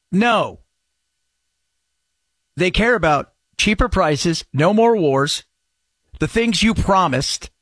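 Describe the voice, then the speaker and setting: Male radio host, high lively voice, slow sarcastic delivery, dry studio sound. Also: no echo. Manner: sarcastic, mocking shouts into a high voice. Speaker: radio talk show host. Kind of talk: opinionated talk radio monologue.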